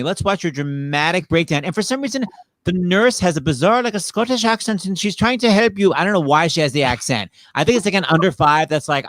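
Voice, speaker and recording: A man's voice: high-pitched, brisk, no room sound. A man hosting a video stream, playful and chatty with his guest. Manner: playful, animated. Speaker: host. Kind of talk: casual chat on a video stream.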